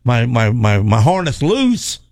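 A man, a race car driver telling a wild story in casual chat, animated and repetitive, laughing often. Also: medium pitch, a little slow, no echo.

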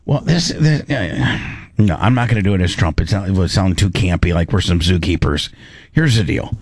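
A man hosting a talk show, talking casually and rambling to listeners about the show's chat moderators, often restarting and slowing down to stress his points. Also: sits low, animated, breathy edge, no room sound. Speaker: radio show host.

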